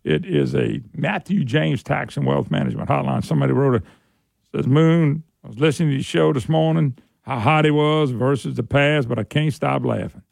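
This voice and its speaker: A man's voice: mid-range voice, lively intonation, moderate pace, creaky, a little mellow, no echo, studio quality. A man hosting a talk radio show, rambling in a folksy way and mocking people in put-on voices. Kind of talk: casual talk radio monologue.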